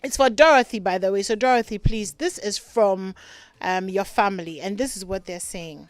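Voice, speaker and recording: A woman's voice: medium pitch, normal speed, dry recording. Upbeat woman radio host. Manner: upbeat and chatty, drawing out words. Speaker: radio morning show host. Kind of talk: live radio chat and listener shout-outs. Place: radio studio. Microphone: studio microphone.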